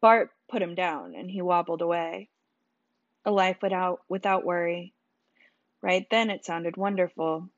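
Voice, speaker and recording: A woman's voice: on the low side, a little slow, dry recording. A woman narrating a story in the first person with a wry, dry telling. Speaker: audiobook narrator. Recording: dull, dry sound.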